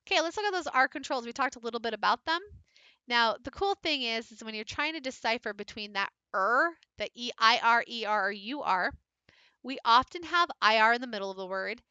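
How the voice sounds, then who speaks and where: A woman's voice: a little high, expressive, brisk, pushed and bright, clean tone, dry recording, dull audio. A woman leading a book study, teaching phonics and modelling vowel sounds aloud step by step. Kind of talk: phonics lesson.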